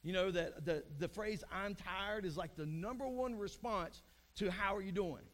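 A man's voice: high voice, normal speed, a bit bright. A man, a pastor in his thirties with young kids, preaching a conversational sermon, repeating phrases and acting out weary, frustrated speakers.

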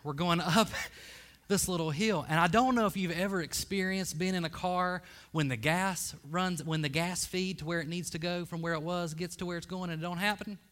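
A man's voice: high-pitched, fairly even intonation, normal speed, fairly bright tone. A man preaching a sermon, telling a funny personal story with self-deprecating asides to the congregation.

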